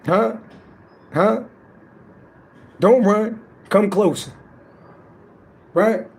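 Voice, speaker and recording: A man's voice: high-pitched, drawn-out words, gravelly, long pauses, husky. A man hosting a live psychic stream, trading playful rhyming roasts and reading a spiritual text aloud. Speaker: livestream psychic reader.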